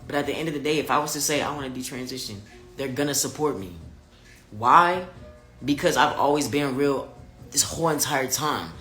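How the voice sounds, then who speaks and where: A man chats live with his audience, open and blunt, swearing freely and hitting his points hard. His voice is bright and pushes forward. The room is echoey, with faint music running underneath. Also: mid-range voice, brisk. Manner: candid, profane, animated and emphatic. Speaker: vlogger talking live to viewers. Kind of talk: casual livestream chat, reading comments.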